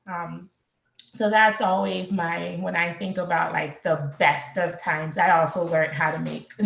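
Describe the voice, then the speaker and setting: A woman panelist recalling memories softly and reflectively, with many pauses. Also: fairly low pitch, gravelly, echoey room. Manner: soft-spoken, reflective, many "um"s. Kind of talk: personal storytelling.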